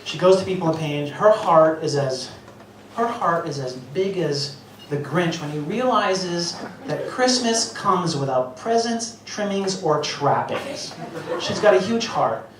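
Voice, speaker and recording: A middle-aged man working a live stand-up set, his pitch leaping up and down as he tells profane, self-mocking family stories. The sound is roomy and distant, with loud ambience filling the space around him. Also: lively intonation, measured pace, slight background noise. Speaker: stand-up comedian. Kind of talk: stand-up routine. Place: stage before a live audience. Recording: echoey venue, voice heard from a distance, loud ambience.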